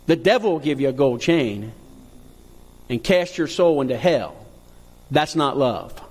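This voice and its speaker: A male pastor preaching a sermon, reading scripture and rising to impassioned high cries. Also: lively intonation, measured pace, darkish tone. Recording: long hall reverb.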